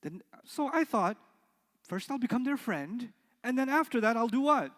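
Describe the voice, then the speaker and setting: Animated high-voiced man teaching in a hall. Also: moderate pace. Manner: animated, acts out quoted voices, asks the class questions. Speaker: Arabic teacher. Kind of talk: lecture with storytelling.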